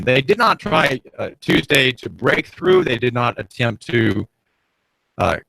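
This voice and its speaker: A man's voice: medium pitch, gravelly, sharp tone, no echo, low-quality recording. A man with a Southern US accent hosting a radio talk show from a small studio, delivering a sardonic, rambling monologue full of fillers and restarts. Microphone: studio mic, streamed on video.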